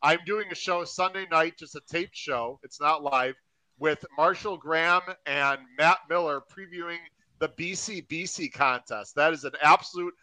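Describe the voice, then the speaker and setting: A man's voice: a little high, moderate pace, sharp tone, no echo, poor audio. A man hosting a live podcast, talking in an upbeat, hype-building way. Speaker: podcast host.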